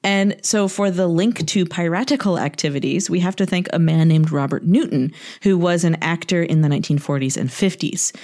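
Playful woman co-host, casual chat, a bit low in pitch. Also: brisk, few pauses, a little mellow. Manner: playful, laughing often. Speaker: podcast co-host.

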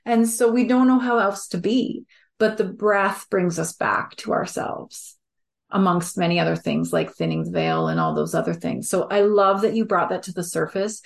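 A woman hosting a podcast, talking in a warm, earnest, reflective way and laughing easily. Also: mid-range voice, very animated, moderate pace, creaky. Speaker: podcast host. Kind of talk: reflective conversational chat.

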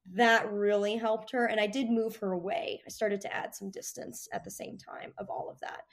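A woman answering interview questions about training her dog, animated and acting out cheerful voices. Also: medium pitch, moderate pace, gravelly, few pauses.

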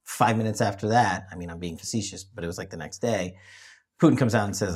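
Emphatic male show host, low and husky, political talk. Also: quick pace. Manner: emphatic, repeats himself when restarting. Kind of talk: political discussion.

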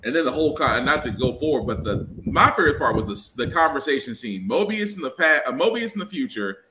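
A man co-hosting a casual podcast, with a bright, sharp voice. His pitch leaps around as he jokes and reacts. Faint clicks sit behind him. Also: a little hiss or hum. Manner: expressive, quick to joke. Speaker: podcast co-host. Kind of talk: casual review chat.

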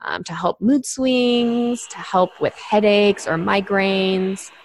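Taking it slowly in a mid-range, steady voice, this podcast co-host and nutrition coach chats about nutrition for clients, full of filler words. A slight background noise is audible.

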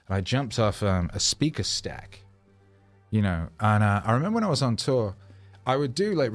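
A man, a rapper, telling rambling, self-mocking stories in a casual monologue, loose with fillers and swearing. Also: on the low side.

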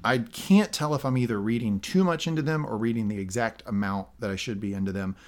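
A man with a fairly low voice, speaking a little fast, co-hosts a podcast and casually recaps a TV episode. He narrates the plot and reads quoted lines aloud.

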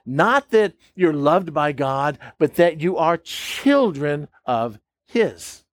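A man's voice: a little high, very animated, slow pace, hardly any pauses, no echo, studio quality. A man preaching a sermon, emphatic, often questioning his listeners and acting out the voices of doubtful believers. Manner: emphatic, asks the audience questions, acts out quoted voices.

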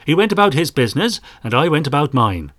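A man's voice: a little high, sing-song, fast talker, a bit bright, voice pushed up. A man voicing a suspicious, stout middle-aged male Irish butcher who speaks dismissively. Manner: gruff and dismissive.

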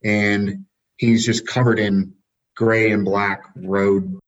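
A man who breeds and shows dogs, telling relaxed anecdotes with the odd laugh. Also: fairly low pitch, slow pace, lo-fi sound. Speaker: dog breeder and show handler. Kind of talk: casual storytelling.

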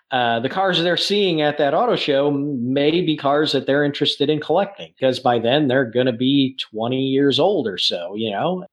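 A man in casual podcast chat, talking in an informative, detailed way with mid-range pitch. He often restarts his words, stammering slightly as he goes. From Northern United States. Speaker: podcast co-host, car museum expert.

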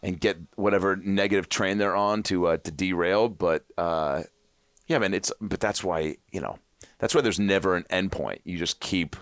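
A man's voice: low voice, normal speed, fairly bright tone, no echo, clean studio sound. A man in his thirties telling rambling, profane stories as a podcast guest, slipping into voices for others. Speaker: comedian guest. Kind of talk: casual podcast chat.

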